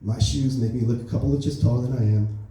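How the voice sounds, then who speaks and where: A man's voice: mid-range voice, steady tone, fast, warm tone, far from the mic, lightly acted. A man putting on a boastful, rambling impression of an older male president during a stand-up set in a comedy club. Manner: brash, bragging, rambling. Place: comedy club open mic. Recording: echoey club recorded from afar.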